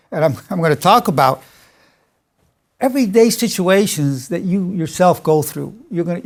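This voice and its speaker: A man's voice: a little high, darkish tone. An older man, a psychologist, giving a motivational lecture in an emphatic, self-assured way and illustrating it with personal stories.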